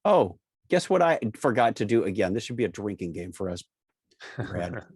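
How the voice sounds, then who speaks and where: A man co-hosting a casual software tutorial, walking through a screen-share with wry jokes and emphatic repetition. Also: lowish voice, sing-song, moderate pace, breathy edge, dry recording, studio quality. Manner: joking, repeats key points with emphasis. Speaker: co-host presenting a software demo.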